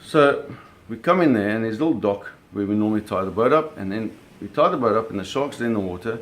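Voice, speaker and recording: A man with a lowish, expressive voice talks fast as he recounts a vivid personal experience, casual and freely cursing, acting out the sounds and scenes as he goes.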